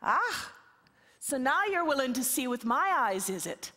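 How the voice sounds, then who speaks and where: Wee little man: a woman playing a squeaky tiny man. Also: big pitch swings, a little slow, pushed and bright, full character voice. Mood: plaintive. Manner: plaintive, high squeaky complaining. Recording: reverberant hall.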